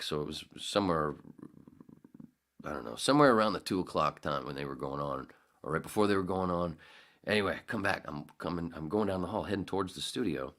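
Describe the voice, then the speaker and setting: A middle-aged man hosting a podcast, telling a long anecdote in a loose, casual way and acting out the quoted lines. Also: a bass voice. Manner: animated anecdote-telling, laughs often, acts out quotes. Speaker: podcast host. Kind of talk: casual storytelling.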